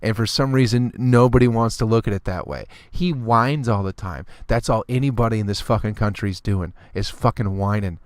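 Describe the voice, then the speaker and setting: A man with a low voice rants through a solo comedy podcast, swearing constantly and sounding fed up. He drops into a snooty clipped mimicry for people who annoy him. The recording is close and dry, with no room sound. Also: moderate pace, few pauses, no room sound. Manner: profane, exasperated, ranting. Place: on tour, recording alone.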